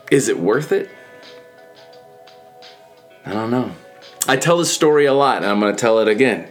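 A man's voice: medium pitch, lively intonation, normal speed, pauses often, soft background music. A man giving an earnest, conversational motivational monologue, often repeating phrases for emphasis. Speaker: speaker giving a reflective talk.

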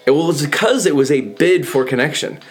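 A man's voice: on the high side, expressive, a little fast, slightly rough. A man giving an earnest, conversational motivational monologue, often repeating phrases for emphasis. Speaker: speaker giving a reflective talk.

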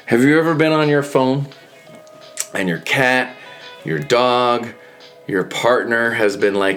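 A man's voice: medium pitch, a little slow, fairly bright tone, faint music behind. A man giving an earnest, conversational motivational monologue, often repeating phrases for emphasis. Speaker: speaker giving a reflective talk.

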